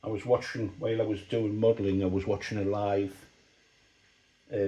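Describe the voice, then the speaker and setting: A man talking through a model build, relaxed and thinking aloud as he explains each step. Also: lowish voice. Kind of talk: workshop build commentary. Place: hobby workshop bench. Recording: roomy workshop echo.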